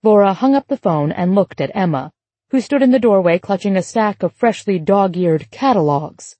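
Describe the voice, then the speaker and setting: Breathy, warm female audiobook narrator. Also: mid-range voice, no room sound. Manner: even, literary storytelling. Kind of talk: scripted narration.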